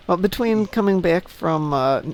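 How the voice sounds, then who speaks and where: A man's voice: sits high, expressive, a little slow. A man from Chicago hosting a game stream, chatting casually and joking as he goes. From Chicago, United States. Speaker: stream host. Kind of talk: casual chat while gaming.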